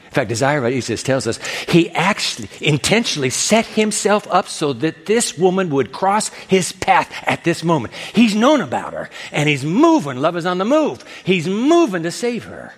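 Animated preacher man in echoey hall. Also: fairly high pitch, moderate pace, hardly any pauses. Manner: animated, acts out voices of Jesus and the woman. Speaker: pastor. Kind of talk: sermon.

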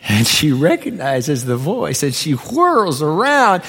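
Male pastor, lively and expressive, slightly high voice, sermon recorded in a big echoing church hall. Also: a little slow, hardly any pauses, husky. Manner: animated, acts out biblical dialogue.

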